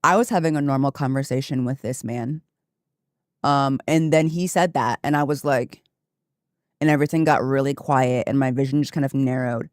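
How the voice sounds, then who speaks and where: A woman streamer chatting casually with her viewers, telling a story with lively asides and laughter. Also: very deep voice, normal speed, no echo, clean studio sound.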